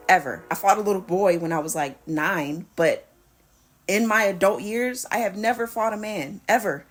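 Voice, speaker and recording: A young woman tells a personal story to camera, her voice sitting on the low side. She talks candidly and bluntly, quoting dialogue and swearing freely. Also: a bit bright. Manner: candid, profane retelling with quoted dialogue. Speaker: vlogger.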